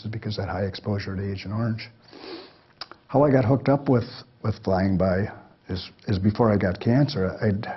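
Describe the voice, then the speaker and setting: Heard through a dull lo-fi lecture recording, a low-ish, breathy-edged male voice belongs to an older storyteller. He addresses an audience with folksy, wandering tales of his life, punctuated by frequent chuckles.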